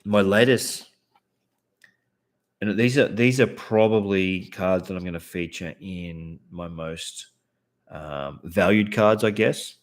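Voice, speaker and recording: A card collector and channel host, a man in his thirties with an Australian accent, chats casually to camera about his cards. His voice is deep and slow, and he's laid-back and swears freely.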